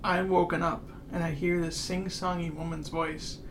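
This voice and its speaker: A man's voice: fairly high pitch, flat delivery, moderate pace, fairly bright tone. A man telling anecdotes in a casual talk, with casual swearing. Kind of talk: casual podcast chat. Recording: noisy background.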